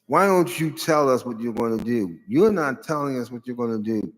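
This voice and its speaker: A man hosting his own show, giving a casual political commentary monologue that rambles, searches for words and turns sarcastic with loud outbursts. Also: mid-range voice, expressive, moderate pace. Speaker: show host. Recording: long reverb with faint music behind.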